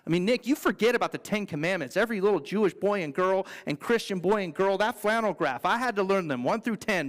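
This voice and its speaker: A man's voice: high-pitched, expressive, quick pace, hardly any pauses. A man, the pastor, preaching a sermon in an earnest, conversational way with playful asides. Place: church sanctuary. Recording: long reverb in a church hall.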